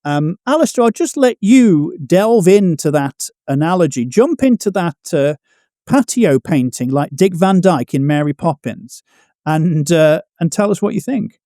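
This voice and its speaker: A man's voice: a little high, lively intonation, a little slow, dark tone, no room sound, studio quality. A man hosting a discussion show, recapping a guest's point in a light-hearted, joking way. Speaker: podcast host.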